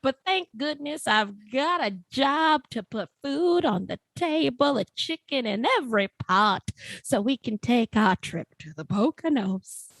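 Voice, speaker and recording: A woman's voice: a little high, expressive, unhurried, vocal fry, fairly bright tone, no echo, exaggerated voice. A woman putting on the voice of a folksy, rambling 1920s male ice cream truck driver with an old-timey drawl. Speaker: podcast co-host.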